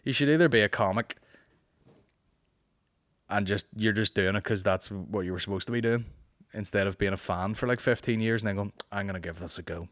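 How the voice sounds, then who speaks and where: A man's voice: on the low side, a bit bright, dry recording. Northern irish guy rambling on his podcast, swears a lot, dry close sound. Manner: rambling, profane, with quick mocking impressions. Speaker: podcast host answering listener questions. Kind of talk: casual chat.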